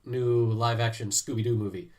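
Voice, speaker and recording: A man's voice: mid-range voice, fairly even intonation, moderate pace, mellow. A man hosting a podcast, talking casually in a rambling, chatty way. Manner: chatty, rambling, many restarts. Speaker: podcast host. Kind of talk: casual chat.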